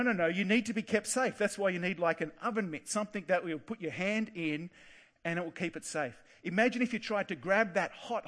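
A man giving a lively Bible talk for children, asking his listeners lots of questions. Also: high voice.

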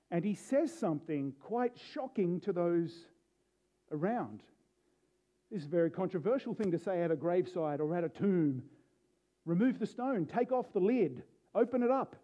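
A man's voice: a little high, warm tone. A man preaching a sermon earnestly, building to emphatic peaks as he reads and explains a passage. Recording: dull lo-fi sound.

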